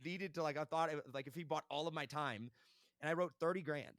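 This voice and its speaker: A young man speaks fast and eagerly as an interview guest, recounting his business deals. His voice sits a little high, and the recording is dry and close. He keeps checking in with "right?" as he goes. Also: fairly bright tone, no room sound. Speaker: podcast guest, entrepreneur. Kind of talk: casual interview storytelling.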